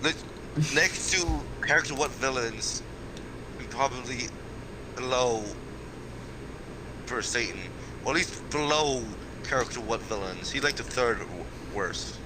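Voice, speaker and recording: A man's voice: mid-range voice, unhurried, long pauses. Blunt young man over background noise. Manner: blunt, dismissive, casual swearing. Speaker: podcast co-host. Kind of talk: casual chat.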